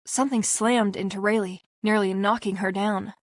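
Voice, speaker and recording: A woman narrating a young adult mystery audiobook in a measured, expressive storytelling voice. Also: medium pitch, no room sound, studio quality. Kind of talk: scripted narration.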